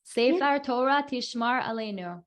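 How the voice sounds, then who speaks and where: A woman's voice: a little high, lively intonation, moderate pace. A woman teacher leads a video call with a group of kids. She chats in a playful, encouraging way and often checks that they follow her. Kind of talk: casual group chat with children.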